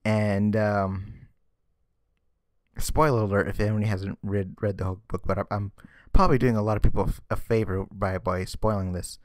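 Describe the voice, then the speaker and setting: A male vlogger delivers a ranting comic book commentary in a casual, sarcastic, exasperated way, often stammering and repeating words. His voice is lowish with a flat delivery at normal speed, recorded with studio quality and no room sound.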